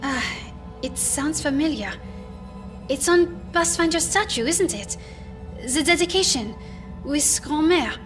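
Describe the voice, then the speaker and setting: An actress playing a kind, shy young woman who speaks softly and hesitantly in a game cinematic. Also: high-pitched, expressive, a little slow, long pauses, music in the background. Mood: earnest. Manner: soft, hesitant, earnest. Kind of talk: video game cinematic acting.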